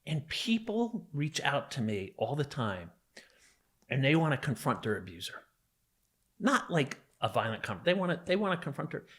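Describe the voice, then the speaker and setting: A man's voice: on the high side, very animated, moderate pace, a bit bright, slightly rough. Intense man from New Jersey telling his story. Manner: intense, emphatic, vivid retelling of a violent memory. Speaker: podcast guest. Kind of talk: personal storytelling in a podcast interview.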